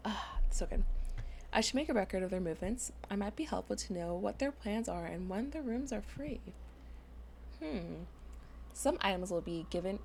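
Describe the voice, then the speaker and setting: A woman streams a story-driven game, reading each line of dialogue aloud and tossing in quick asides between them. Her voice sits at a middle pitch and keeps a gravelly vocal fry, and a faint hiss runs under it.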